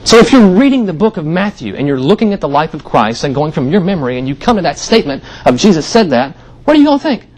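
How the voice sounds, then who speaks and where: A man's voice: fairly high pitch, sing-song, fast, a little mellow, poor audio. Conversational man preaching a sermon. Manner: conversational storytelling, acting out quoted voices. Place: church sanctuary.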